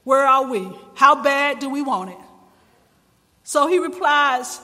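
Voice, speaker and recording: A man preaching a sermon with passion, his voice climbing to shouts at times. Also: very high-pitched, unhurried. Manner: impassioned preaching, rising to shouts. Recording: long reverb in a large hall.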